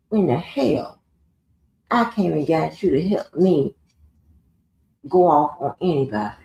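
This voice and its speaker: Female streamer, gravelly and hard-swearing, confrontational rant, echoey room. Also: deep voice, sing-song, a little slow, pauses often, warm tone, slight background noise. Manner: profane, confrontational, swears heavily. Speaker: live stream host. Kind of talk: ranting live stream monologue.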